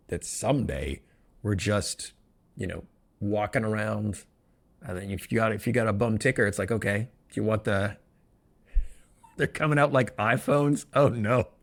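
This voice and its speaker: A man with a low, gravelly voice hosts a solo podcast of good news. His talk is loose and rambling, full of jokes and sudden asides that cut off his own sentences. He sounds like someone thinking out loud as he goes. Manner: rambling, joking, self-interrupting asides. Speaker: podcast host.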